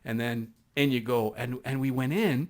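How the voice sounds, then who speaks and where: Middle-aged man, Canadian East Coast accent, animated podcast storyteller, mid-range voice. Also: mid-range voice, normal speed. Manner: animated storyteller with many restarts and laughs. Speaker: podcast guest, former SWAT sergeant. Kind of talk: casual storytelling.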